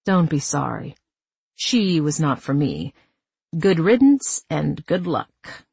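A woman reading a drunk young man's lines in her own low voice, slow and offhand. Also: big pitch swings, creaky, a little mellow, slightly rough, no room sound, exaggerated voice. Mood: dismissive.

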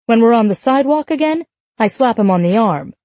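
A woman's voice: a little high, expressive, brisk, a little mellow, no room sound. A woman narrating a first-person romance audiobook in an intimate, lightly amused tone.

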